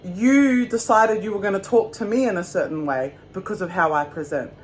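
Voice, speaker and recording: A woman with a New Zealand accent, telling a story to camera in a casual, animated and profane way, acting out quotes. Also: mid-range voice, moderate pace, slight background noise, rough recording. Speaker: vlogger.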